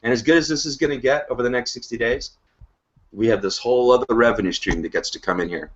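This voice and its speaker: A man hosting a business update call, giving an emphatic motivational pitch to his team and checking in with "okay?" and "right?". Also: fast. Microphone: online video call. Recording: dull lo-fi web call audio.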